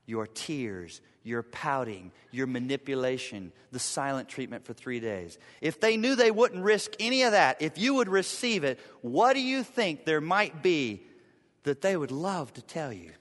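A man's voice: on the high side, big pitch swings, a little slow, fairly bright tone, long reverb tail. A man preaching a sermon to his church, acting out the people he quotes in shifting voices. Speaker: pastor. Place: church sanctuary.

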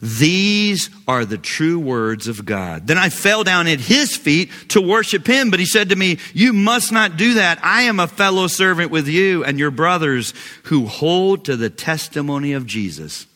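A pastor preaching a sermon with big swings in volume, from loud calls down to near-whispers, and a slow, emphatic delivery. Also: male voice, fairly high pitch, animated. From Knoxville, Tennessee. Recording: long hall reverb.

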